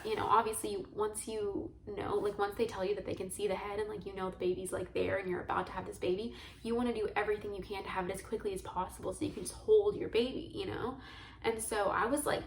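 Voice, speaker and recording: The audio is poor, reverberant and carries slight background noise as a young woman vlogger shares a personal story on camera. Her mid-range voice sounds chatty, earnest and emotional, peppered with "like".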